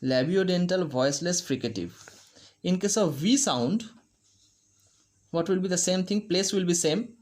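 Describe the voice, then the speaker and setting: A man teaching a phonetics lesson, speaking slowly and deliberately and demonstrating each sound. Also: on the high side. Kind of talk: phonetics lecture.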